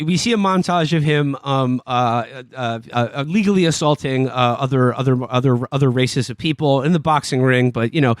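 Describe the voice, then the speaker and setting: A man co-hosting a casual comedy podcast, recapping a film plot in a halting way with lots of fillers and restarts. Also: medium pitch, no room sound, clean studio sound. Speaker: podcast co-host.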